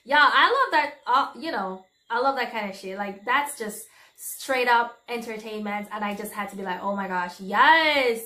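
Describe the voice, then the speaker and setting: A woman's voice: a little high, normal speed, pushed and bright. A woman telling a candid, chatty storytime vlog, breaking into exclamations as she recounts events. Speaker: vlogger. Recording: roomy echo.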